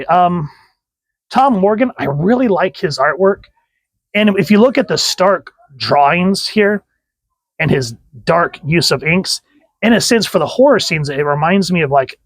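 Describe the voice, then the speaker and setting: A man talks through a comic book review in a relaxed, chatty way, often restarting phrases. His voice sits a little high for a man. The recording is dry and close. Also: no room sound, rough recording. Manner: chatty, restarts phrases, reads panels aloud. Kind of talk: casual video review.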